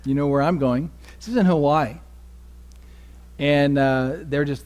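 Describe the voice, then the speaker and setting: A man preaching a sermon as pastor, dropping to hushed asides and rising to loud emphasis, often asking the congregation questions. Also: mid-range voice, fairly even intonation, normal speed. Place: church sanctuary.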